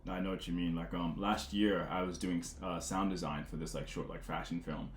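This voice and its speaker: A man's voice: deep voice, steady tone, a little fast, slight background noise. A man hosting a casual chat, chatty and jokey, laughing often. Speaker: host. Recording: echoey room with faint background music.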